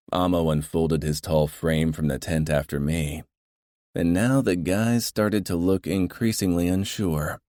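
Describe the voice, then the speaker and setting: A man narrating a novel in the first person with a steady, understated delivery. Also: very deep voice, dry recording, clean studio sound. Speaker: audiobook narrator.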